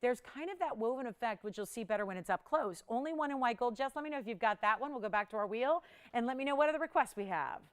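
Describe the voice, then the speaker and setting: A woman with a fairly high, smooth and clear voice hosts a live shopping broadcast. She talks up rings with chatty urgency and counts prices down to push viewers to call in. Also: expressive, fast talker, few pauses. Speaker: home shopping host. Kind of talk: live home-shopping sales pitch.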